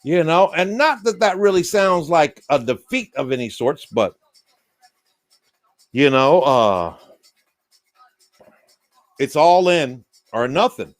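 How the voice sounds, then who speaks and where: A man's voice: on the high side, big pitch swings, takes it slowly, pauses often. A man from the United States hosting a loose, rambling, folksy livestream monologue while drinking beer. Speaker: livestream host.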